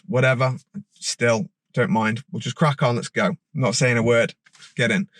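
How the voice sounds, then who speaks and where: A man, a driving instructor, telling a story in a rambling, animated way with many restarts. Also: on the high side, no room sound. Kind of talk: casual storytelling vlog. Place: outdoors by a parked car.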